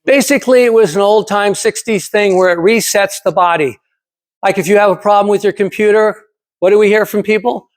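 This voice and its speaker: A man's voice: sits high, fairly even intonation, a little fast. A man in his seventies giving a prepared motivational speech at a speaking club. He talks emphatically, asks rhetorical questions and keeps repeating his key phrases. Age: 70s.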